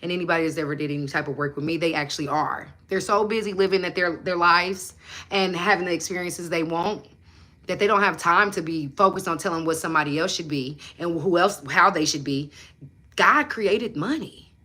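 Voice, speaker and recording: A woman hosting a motivational chat, answering viewers bluntly and profanely, swinging between loud emphasis and low asides. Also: a little fast. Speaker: manifestation coach and channel host.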